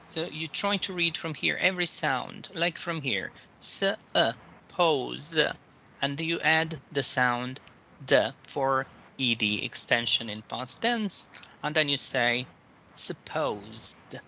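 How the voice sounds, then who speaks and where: A man's voice: a little high, lively intonation, slow, pushed and bright, a little hiss or hum, low-quality recording. A man teaching pronunciation in an online one-to-one English lesson, explaining patiently step by step over a video call. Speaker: English tutor.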